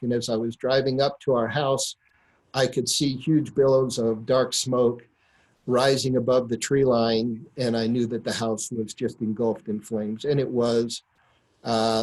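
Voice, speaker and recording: Man, mid-pitched, earnest storytelling, slows for emphasis. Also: a little mellow, rough recording. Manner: earnest storyteller, slows to stress key words. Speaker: webinar speaker. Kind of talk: storytelling in a webinar talk.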